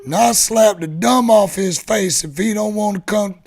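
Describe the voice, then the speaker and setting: Guy putting on a loud hillbilly, blustery and threatening, big drawl. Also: high voice, normal speed, voice pushed up. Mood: blustering.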